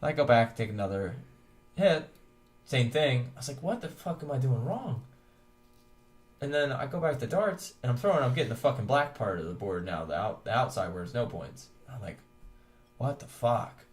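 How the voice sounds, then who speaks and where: A man's voice: medium pitch, expressive, brisk. A man co-hosting a casual podcast with friends, telling a rambling, profane story and laughing often. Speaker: podcast co-host.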